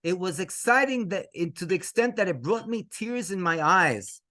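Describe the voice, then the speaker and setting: A man telling a story as a rabbi, his voice sitting a little high and swinging widely up and down. He speaks with lively emotion, drops in Hebrew words and chuckles as he goes. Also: moderate pace. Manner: animated, mixes in Hebrew phrases, laughs between lines. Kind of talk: storytelling to an audience.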